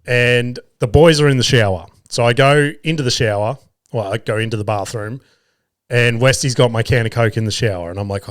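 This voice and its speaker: A man's voice: mid-range voice, a little fast, no echo, clean studio sound. An Australian man hosting a podcast, telling a family story in a casual, profane, laughing way. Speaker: podcast host; father of two young boys.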